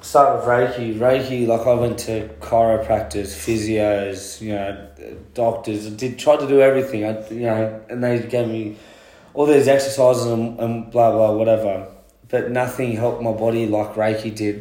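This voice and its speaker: A man's voice: fairly low pitch, steady tone, normal speed, warm tone. Swearing Australian man, roomy home recording. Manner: chatty, swears freely, laughs at himself. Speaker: guest, concreter. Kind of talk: casual chat. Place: at home, indoors.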